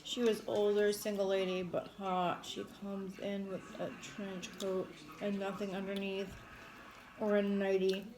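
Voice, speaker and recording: A woman's voice: medium pitch, flat delivery, unhurried, poor audio. Woman just chatting on an eating stream, tells stories, swears a bunch, middle voice. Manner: chatty storyteller, swears casually, laughs often. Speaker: mukbang host. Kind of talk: casual chat while eating.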